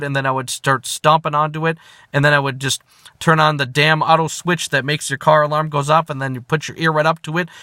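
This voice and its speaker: A young man in an angry freestyle rant, cursing and rambling as loose rhymes tumble out. His voice is bright and pointed, recorded close and dry with no room sound. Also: fairly high pitch, no echo. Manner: profane, ranting, rambling with rhymes. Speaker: rapper ranting to his channel.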